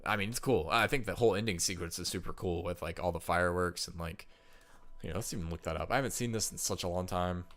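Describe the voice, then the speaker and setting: A man's voice: sits low, quick pace, a bit bright. A stuffed-up man chatting casually to viewers while ranking movies, thinking aloud with fillers and restarts.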